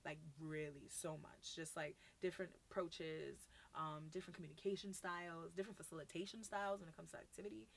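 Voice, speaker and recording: A woman with a New York accent in her thirties, talking casually as a podcast guest, animated and acting out quoted voices. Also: deep voice, brisk, vocal fry, hardly any pauses. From United States. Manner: animated, acts out quoted voices, laughs often. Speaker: podcast guest, youth mentor. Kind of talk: casual conversation.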